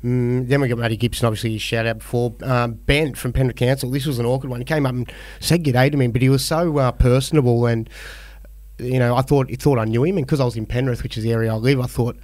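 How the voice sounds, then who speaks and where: An Australian man co-hosts a fantasy footy podcast, rambling through a relaxed, casual chat with lots of fillers. He talks fast in a mid-range voice, with no room sound on the recording.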